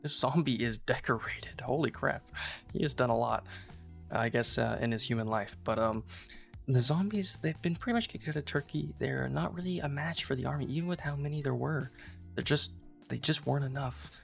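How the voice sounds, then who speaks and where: A man's voice: medium pitch, normal speed, creaky, a bit bright, soft background music. A man giving casual, rambling play-by-play commentary on a strategy game he is playing, amused and full of fillers. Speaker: gaming channel host.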